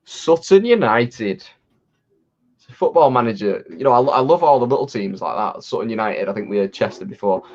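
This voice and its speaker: A man's voice: mid-range voice, expressive, brisk, a little mellow. A man co-hosting a casual livestream while watching football, chatty and laughing often, with rambling restarts. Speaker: livestream co-host. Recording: dull lo-fi stream audio.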